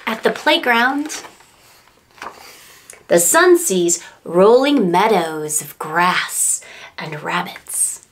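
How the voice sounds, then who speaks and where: A woman's voice: medium pitch, very animated, extremely slow, a little hiss or hum. A woman librarian leading a story time for babies and toddlers, reading a picture book in a playful sing-song way. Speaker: children's librarian.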